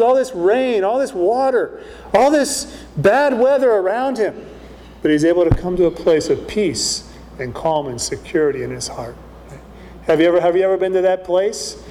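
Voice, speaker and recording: A man's voice: high voice, mellow. A man preaching a conversational sermon as a pastor, often checking in with "right?", in a church hall.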